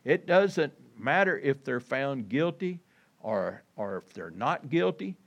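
Lively folksy preaching man. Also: mid-range voice, takes it slowly, highs cut off. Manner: folksy, conversational preaching that addresses listeners as folks. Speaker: pastor. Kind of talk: sermon with scripture reading.

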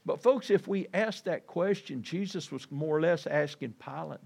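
A man's voice: fairly high pitch, moderate pace, vocal fry, darkish tone, breathy edge. A man preaching a sermon in a folksy, conversational way, reading scripture and talking to his listeners as folks. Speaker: pastor.

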